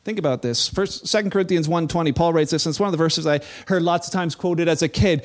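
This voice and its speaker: A man's voice: high voice, a little fast, hardly any pauses. A middle-aged man, a pastor, preaching a sermon in a church in a conversational, playful way, acting out the voices he quotes.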